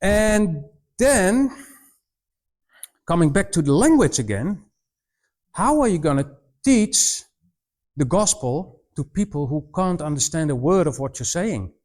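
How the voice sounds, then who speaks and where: A man's voice: on the high side, big pitch swings, unhurried, pauses often, darkish tone. A middle-aged man from the Netherlands with a Dutch accent, giving a humorous presentation to students as a missionary, telling anecdotes with frequent restarts. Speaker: missionary speaker.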